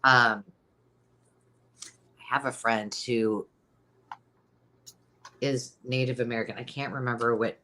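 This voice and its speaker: A woman's voice: extremely low pitch, steady tone, takes it slowly, long pauses, pushed and bright. A middle-aged woman hosting a live sale, talking in a rambling, chatty way with frequent ums. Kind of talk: casual live-stream selling chat.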